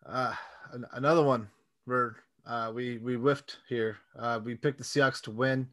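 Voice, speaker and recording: A laid-back man with a middle-range voice co-hosts a casual sports podcast. He is agreeable in banter and sinks into a low mutter when he gives ground. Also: steady tone, measured pace, fairly bright tone. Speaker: podcast co-host.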